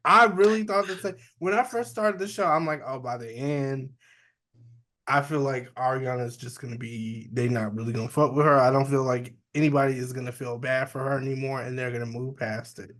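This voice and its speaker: A man's voice: mid-range voice, steady tone, a little fast, fairly bright tone. Casual man co-hosting a gossip podcast. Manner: reads news items aloud, candid and profane. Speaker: podcast co-host.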